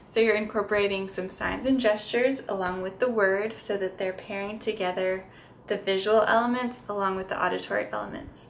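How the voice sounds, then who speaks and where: A young woman speech therapist, medium-pitched and recorded with a little hiss or hum, gives an instructional demonstration on reading picture books with toddlers. She slips into sing-song, exaggerated sounds meant for children.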